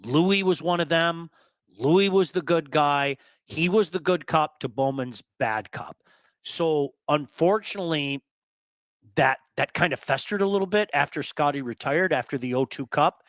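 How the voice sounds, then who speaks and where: Animated, blunt man hosting hockey talk. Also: fairly high pitch, a little slow, no echo. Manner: animated storyteller, repeats words for emphasis; blunt, swears. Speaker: hockey talk show host. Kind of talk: casual sports talk.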